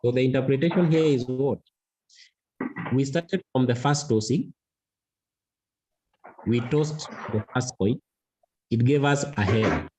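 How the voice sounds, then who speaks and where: Slow, deliberate maths teacher. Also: male voice, mid-range voice, darkish tone, slight background noise, low-quality recording. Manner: slow, deliberate, repeats key words for emphasis. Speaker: mathematics teacher. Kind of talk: classroom lesson.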